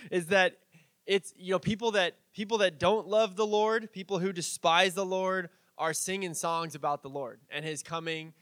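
A man's voice: high-pitched, fairly bright tone, no echo. A man preaching as a pastor in a casual, chatty way, with fillers and light laughs. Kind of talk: conversational sermon.

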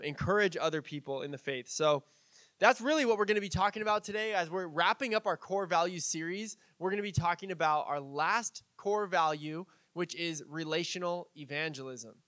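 A man's voice: a little high, pushed and bright, no echo. A man preaching as a pastor in a casual, chatty way, with fillers and light laughs. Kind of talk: conversational sermon.

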